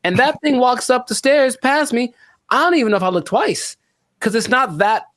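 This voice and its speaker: A man co-hosting a podcast, chatting casually in an animated, rambling way with lots of exclamations. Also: very high-pitched, moderate pace, no room sound. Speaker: podcast co-host. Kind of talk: casual chat.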